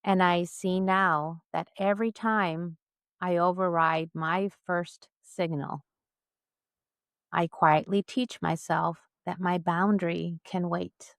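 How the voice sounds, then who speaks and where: Slow, measured middle-aged woman. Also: fairly low pitch, steady tone, gravelly, dry recording, clean studio sound. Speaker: podcast co-host. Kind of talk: conversational podcast chat and spoken closing prayer.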